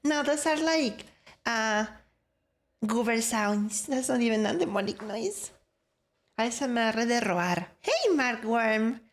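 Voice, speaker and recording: A woman's voice: a little high, lively intonation, slow. Playful young woman streamer. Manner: playful, greets chat by name. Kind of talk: casual live-stream chat.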